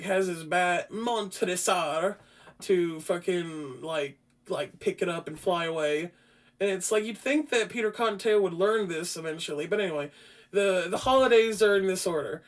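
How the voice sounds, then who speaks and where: A man hosting a podcast, casually reviewing a film in a rambling, profane way with frequent restarts. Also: high voice. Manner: grows loud and animated. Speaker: podcast host.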